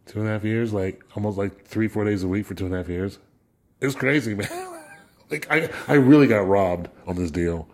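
A man's voice: fairly low pitch, brisk. A man, a guest musician, telling anecdotes in a casual chat, laughing often and repeating words as he goes. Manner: animated storyteller, laughs a lot, repeats words.

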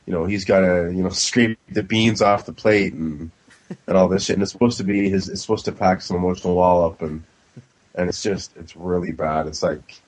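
A man with a very low voice talks casually as a podcast co-host. He is blunt and swears freely, with an exasperated edge as he tears into a film. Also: steady tone, moderate pace, poor audio. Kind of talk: casual movie review chat.

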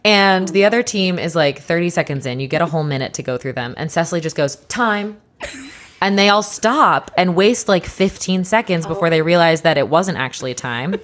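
A woman in casual chat, enthusiastic and lively, telling a story to friends. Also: on the low side, brisk, hardly any pauses. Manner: lively, enthusiastic, gasps and laughs often.

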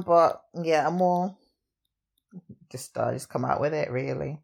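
A woman's voice: sits low, measured pace, vocal fry, long pauses, breathy edge. A woman co-hosting a podcast, chatting casually and laughing often. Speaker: podcast co-host. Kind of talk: casual chat.

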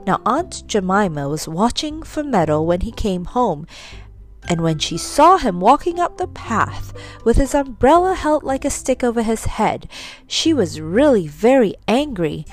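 Woman storyteller, animated pitch, soft music behind. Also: unhurried. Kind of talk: reading a children's story aloud.

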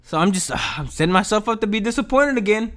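Podcast host, male. Pitched a bit high, cusses freely, rambles, and swings between mumbling and loud fired-up bursts. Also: fast talker. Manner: profane, rambling, swings from mumbling to excited outbursts. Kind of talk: casual solo podcast rant. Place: home.

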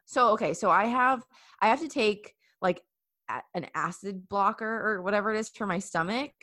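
A young woman in her twenties telling a story in casual chat, animated and full of fillers. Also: mid-range voice, moderate pace.

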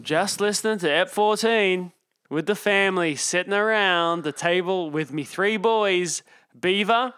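Pria yang menirukan pendengar desa yang kasar dan lambat berlogat pedesaan Australia; suara terdengar kering dan dekat mikrofon. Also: male voice, high voice, a bit bright, clear, resonant tone, no room sound, clean studio sound. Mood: mocking. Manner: slow, drawling, exaggerated. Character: rough country bloke listener reading his own email.

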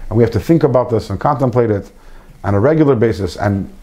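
A man teaches an informal Torah class to a small group, speaking fast in a warm, mid-range voice. He's earnest, repeats phrases, and mixes in Hebrew terms.

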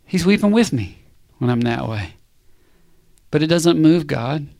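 A man preaches a sermon in an animated, punchy style, firing off rhetorical questions and calls back to the congregation. His voice is a little high and creaky, and he speaks unhurriedly.

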